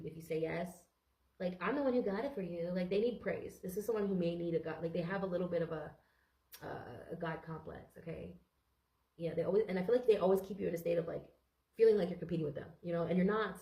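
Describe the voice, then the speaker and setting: A woman's voice: lowish voice, darkish tone, echoey room, poor audio. A woman giving a casual tarot reading, slightly congested, rambling and repeating herself with lots of "okay?" and "like". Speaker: tarot reader.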